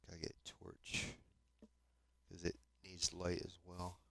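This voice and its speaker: A man's voice: low-pitched, monotone, measured pace, vocal fry, a bit bright, no echo. A man in his fifties from New Jersey with a New Jersey accent, chatting casually and chuckling as he plays and talks to his viewers. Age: 50s. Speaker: let's play host. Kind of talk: casual gameplay commentary. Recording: mouse and keyboard clicks audible.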